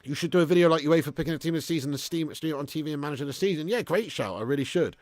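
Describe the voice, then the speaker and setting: A man from England hosts a live football watch-along stream, chatting casually, bantering, swearing freely and reading out viewer messages. His voice is a little high and rapid-fire. There's no echo.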